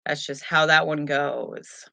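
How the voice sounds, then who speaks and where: A woman's voice: low-pitched, level tone, takes it slowly, creaky, bright, forceful tone, dry recording. A woman hosting a live tarot stream at home, chatting in a rambling, easygoing way into a webcam. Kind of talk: casual live stream chat.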